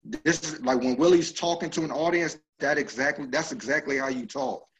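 A man talks on a podcast panel with loud, emphatic passion. His pitch sits in a plain middle range. He lands his points firmly, like someone used to speaking. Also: brisk, poor audio. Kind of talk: casual group chat.

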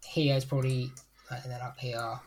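A man's voice: medium pitch, level tone, normal speed. A man playing a tabletop game, asking stammering questions about his turn. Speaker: player. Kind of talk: casual tabletop game play.

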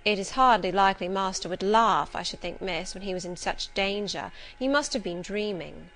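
Cool composed servant woman, read by a woman, prim, steady, insinuating, storybook reading. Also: medium pitch, fairly quick, faint music behind, close to an everyday voice.

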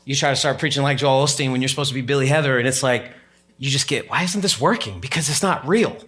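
A man's voice: medium pitch, fairly even intonation, quick pace, a bit bright. A man preaching a sermon as pastor, talking casually to the congregation and rising to emphatic, heightened moments.

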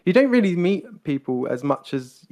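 A man's voice: fairly high pitch, big pitch swings, normal speed, a little mellow. A British man chatting casually as a guest impressionist, talking with lots of fillers and laughter. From Britain. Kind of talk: casual chat.

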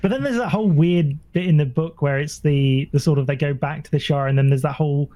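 Man, higher-pitched and mellow voice, easygoing chat, laughs often. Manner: laughing, self-deprecating, halting restarts. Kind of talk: casual chat.

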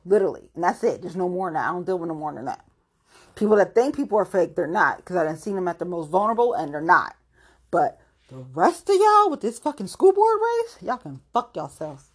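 A woman's voice: lowish voice, sing-song, brisk, slightly rough. A woman from Ohio, a local political activist, delivering a blunt, profane, confrontational rant to the camera. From Ohio, USA.

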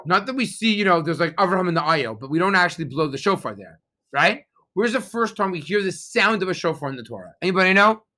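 A man's voice: high voice, quick pace. A man, a rabbi, giving a sermon, telling stories and asking the congregation rhetorical questions, reading Hebrew verses aloud. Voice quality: Hebrew phrases read with traditional pronunciation. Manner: animated storytelling with rhetorical questions.

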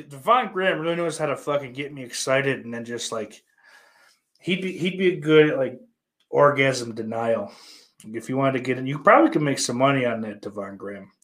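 A man hosting his own movie vlog in loose, profane, rambling chat, trailing off and restarting. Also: mid-range voice. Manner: profane, rambling, offhand, full of fillers. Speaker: channel host showing his movie purchases.

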